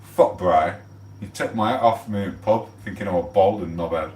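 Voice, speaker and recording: A man rambling through a casual livestream, swearing freely and giving loud shout-outs to people. His voice sits fairly low. It sounds echoey and distant, as if he is set back from the mic in a bare room. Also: normal speed, a little hiss or hum. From England. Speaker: livestream host.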